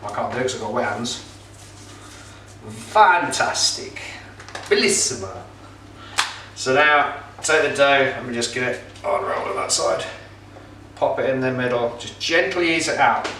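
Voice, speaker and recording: A man's voice: medium pitch, moderate pace, background noise. A middle-aged man presenting a casual cooking demonstration at home, chatty and jokey, with plenty of filler words. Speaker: pizza kit seller and presenter. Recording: roomy echo, mic some distance off.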